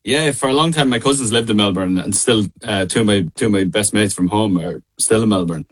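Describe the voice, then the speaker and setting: A young man with a low voice and a midlands Irish accent, talking on a call. He laughs a lot and hesitates, filling gaps with "um" and "like" as he chats easily about his tour. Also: a little fast, rough recording. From Ireland. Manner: laughing, hesitant, many fillers. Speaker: singer, interview guest. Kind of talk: casual interview chat. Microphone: remote call.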